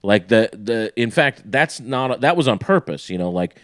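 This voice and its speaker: Midwestern male podcast host, low voice, rambling casual chat, dead-dry sound. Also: expressive, normal speed, dry recording. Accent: Midwestern American. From Ohio. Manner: rambling, self-interrupting.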